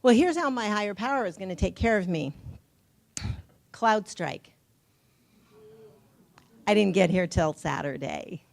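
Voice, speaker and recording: Brief: woman sharing an anecdote, animated and conversational, at a workshop. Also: mid-range voice, a little slow, gravelly, long pauses. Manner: lively anecdotal telling with laughs. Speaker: events committee member sharing. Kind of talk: personal storytelling at a recovery meeting.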